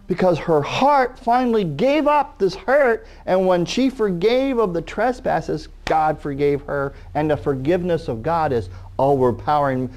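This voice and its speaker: Guy preaching a sermon, lively, does little voices for people in his stories. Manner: animated, acting out quoted people in raised pitch.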